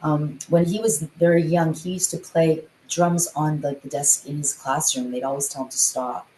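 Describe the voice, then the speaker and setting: A woman musician chatting in an interview, often singing rhythms out loud. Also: sits low, little pitch movement, moderate pace, echoey room, slight background noise, poor audio. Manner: chatty, sings rhythms aloud. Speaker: guest, musician and composer. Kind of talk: casual interview chat.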